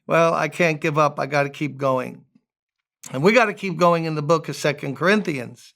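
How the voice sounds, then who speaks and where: A man's voice: fairly high pitch, moderate pace, creaky, fairly bright tone. A man, a pastor, giving a conversational devotional sermon, making joking asides and reading scripture aloud.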